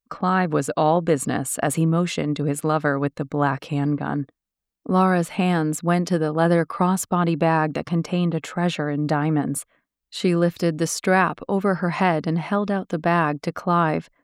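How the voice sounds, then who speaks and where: A woman reading an audiobook in steady, descriptive scripted narration. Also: low voice, unhurried, no room sound, studio quality.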